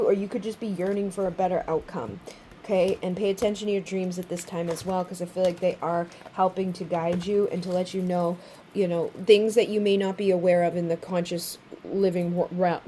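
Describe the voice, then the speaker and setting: A woman's voice: mid-range voice, a little fast, dark tone, slight background noise. A woman giving a casual spoken tarot reading to viewers, chatty and swearing freely, often acting out little quoted voices. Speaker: tarot reader.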